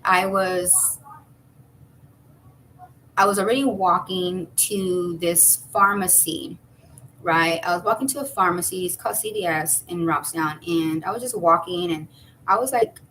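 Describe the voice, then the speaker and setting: A woman's voice: measured pace, a bit bright, a little hiss or hum, low-quality recording. A woman in her thirties telling a personal story casually, rambling with fillers and restarts. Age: 30s. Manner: acts out quoted voices with high jumps. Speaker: vlogger.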